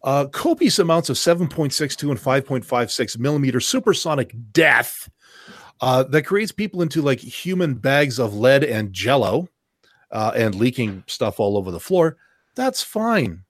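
A man hosting a podcast panel, rambling through his points with emphasis and a sarcastic edge. His voice sits at an ordinary pitch and is recorded close and completely dry, with no room sound. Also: lively intonation, moderate pace, dry recording. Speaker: podcast host. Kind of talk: casual panel discussion.

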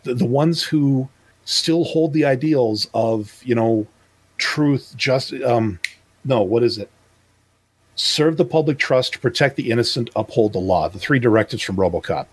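Man from calgary in his 50s, husky voice, dry close sound, blunt emphatic podcast talk. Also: mid-range voice, a little slow, no echo. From Calgary, Canada. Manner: emphatic and blunt, with stumbling restarts. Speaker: podcast co-host. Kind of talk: casual chat.

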